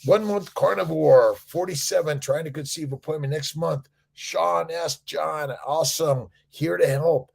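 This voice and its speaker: A middle-aged man with a gravelly, somewhat husky voice hosts a casual morning livestream. He rambles in an upbeat, motivational way, reads out viewer comments and greets people by name. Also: on the high side, moderate pace, darkish tone. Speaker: fertility doctor hosting a morning livestream. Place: indoors.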